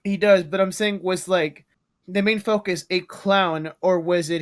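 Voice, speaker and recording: Young guy rambling on a podcast, swears a lot, voice a bit high, dry close sound. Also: fairly even intonation, unhurried, no room sound. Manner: rambling, profane, stumbles over words. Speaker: podcast host. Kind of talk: casual chat.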